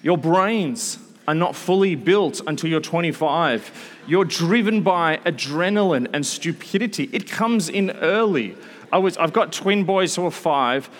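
A man in his thirties delivers a sermon to a live room, his voice sitting a touch high for a man. He tells stories with lively asides and restarts. Long reverb from the hall trails behind his words. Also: measured pace. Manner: animated storytelling with asides. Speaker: preacher. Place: large hall with an audience.

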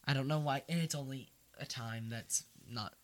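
A man co-hosting a casual podcast, retelling a story with animated energy. He slips into quick character voices as he goes, at an ordinary middle pitch. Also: crowd noise. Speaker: podcast co-host. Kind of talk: casual chat retelling a book.

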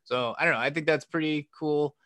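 A podcast co-host with a fairly high, pushed and bright voice casually recounts a film plot, talking a little fast with fairly even intonation. He rambles loosely, leans heavily on "like" and "um," and lifts his voice to act out quoted lines. The recording is dry.

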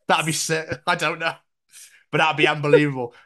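A man's voice: fairly high pitch, flat delivery, moderate pace, pushed and bright. A man co-hosting a podcast in casual chat, playful and teasing, often slipping into mock-posh voices. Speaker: podcast co-host.

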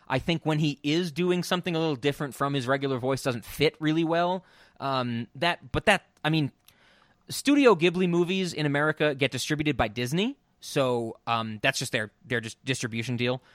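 Speaking at a moderate pace in a fairly high, slightly bright voice, a male podcast host rambles with strong views on film voice acting. His casual chat is full of ums, restarts and swearing, captured in a dry, clean studio recording.

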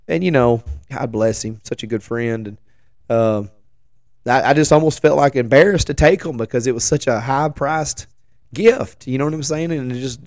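A man in his forties with a hoarse voice after the flu, telling a rambling, joking story as a show host. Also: medium pitch, a little mellow, no room sound, clean studio sound. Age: 40s. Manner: rambling, self-deprecating, joking asides. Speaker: podcast host. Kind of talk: casual storytelling chat.

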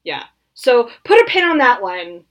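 A woman with a fairly high, very animated voice co-hosts a podcast at an unhurried pace. She chats casually and lively, laughs often, and trails off mid-thought.

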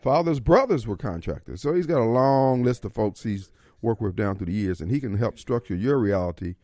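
A man's voice: on the low side, lively intonation, brisk, mellow, dry recording. A man hosting a talk radio show from a studio, folksy and theatrical in his opinionated monologue. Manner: theatrical, folksy, slips into voices and asides.

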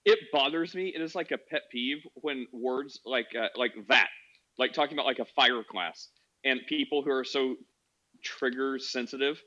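A man's voice: mid-range voice, moderate pace, sharp tone, highs cut off. A man hosting a casual chat, rambling and joking. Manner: rambling, joking, laughs often.

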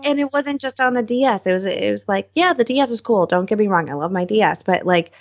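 A woman co-hosting and producing a podcast, chatting in a rambling, excitable way and acting out what people said. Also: medium pitch, fast, highs cut off. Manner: rambling, excitable storyteller who acts out quotes. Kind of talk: casual chat.

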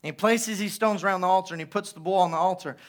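A man preaching a sermon as pastor, retelling a story with lively asides and acted-out quotes. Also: high-pitched, fast.

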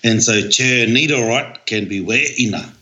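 A man with a New Zealand accent, a guest in a casual chat, explaining things in a relaxed way. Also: medium pitch, moderate pace.

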